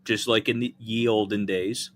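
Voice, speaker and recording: A man's voice: on the low side, normal speed, a little hiss or hum. A man hosting a casual podcast chat, swearing freely and breaking into laughter. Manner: profane, laughing, animated. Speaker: host.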